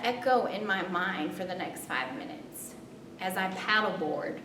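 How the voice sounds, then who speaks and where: A woman performing a spoken story, expressive, her voice jumping high in tense moments and softening when reflective. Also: measured pace, noisy background. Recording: roomy, distant, rumbling background.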